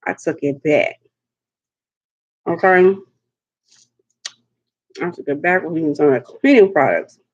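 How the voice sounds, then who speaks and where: Young adult woman, mukbang host, playful and sassy, slow easy delivery, slightly dull lo-fi stream sound. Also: low voice, expressive, slightly rough. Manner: sassy, playful, laughs often, endearments like honey and darling. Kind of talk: live-stream eating chat.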